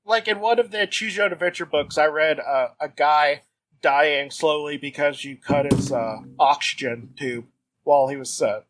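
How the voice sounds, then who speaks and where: A podcast co-host chats casually, rambling and leaning on lots of fillers. His voice is a little high and fairly bright, at a moderate pace, with slight background noise.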